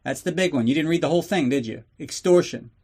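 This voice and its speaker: A man's voice: a little high, rapid-fire, darkish tone. Irreverent man recapping a movie. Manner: irreverent, sarcastic and profane. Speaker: podcast host. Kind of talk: casual movie recap commentary.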